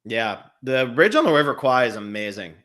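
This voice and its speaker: A man in his thirties co-hosting a casual film chat podcast, animated and blunt, swearing freely. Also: medium pitch, fairly quick. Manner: animated, swearing, mocking impressions. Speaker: podcast co-host.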